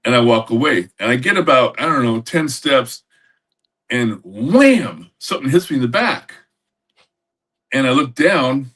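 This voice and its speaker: An older man co-hosting a podcast, telling a rambling anecdote with lots of halting restarts over a video call. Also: mid-range voice, very animated, a bit bright, breathy edge, recorded from a distance. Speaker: podcast co-host. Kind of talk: casual storytelling.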